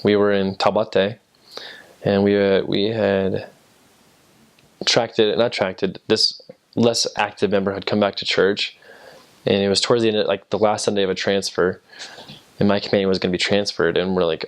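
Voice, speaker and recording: A man's voice: on the low side, level tone, normal speed, pauses often. A young American man, a returned missionary, casually telling stories with lots of fillers and restarts. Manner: rambling, many fillers and restarts. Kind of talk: casual storytelling.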